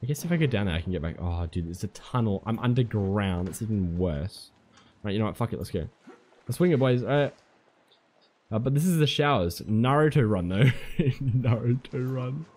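A man commentating a horror game, jumpy and heavy on swearing, shouting back at the enemies on screen and pleading with his teammate. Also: on the low side, lively intonation, brisk, slight background noise. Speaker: gaming commentator.

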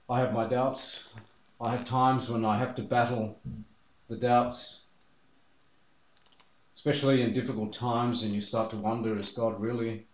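A man's voice: medium pitch, highs cut off. Male pastor preaching in an echoey room. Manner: earnest, acts out the disciples' voices in quotes. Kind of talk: sermon.

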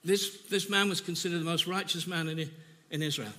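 A man delivers a sermon in a church, his voice pitched high and bright. He speaks with deep feeling, often restarting and repeating phrases as he tells his own story. The recording carries the long reverb of a church hall. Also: steady tone, fairly quick. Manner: emotional, personal testimony with repetitions. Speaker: preacher.

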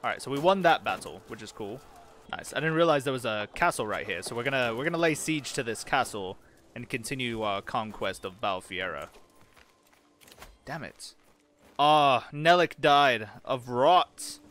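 A man casually commenting on a strategy game and reading its event texts aloud, muttering quick reactions as he plays. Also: medium pitch, animated, a bit bright, slight background noise. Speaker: gaming channel host.

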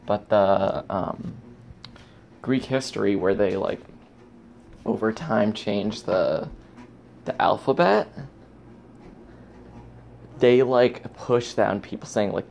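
A man's voice: lowish voice, takes it slowly, creaky, long pauses, a little mellow, slight background noise. A young man vlogging at home into his phone, rambling from topic to topic and talking to himself. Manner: rambling, self-talking, jumps between topics. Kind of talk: casual rambling vlog. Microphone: handheld phone.

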